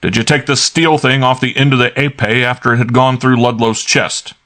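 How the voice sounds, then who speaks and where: A man voicing a gruff, hot-tempered middle-aged police inspector in an audiobook, clipped and barking. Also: medium pitch, steady tone, brisk, pushed and bright, pitched above the performer's own voice, close to an everyday voice. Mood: interrogating. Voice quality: barking, clipped, jaw-clenched delivery. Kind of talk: audiobook character voice.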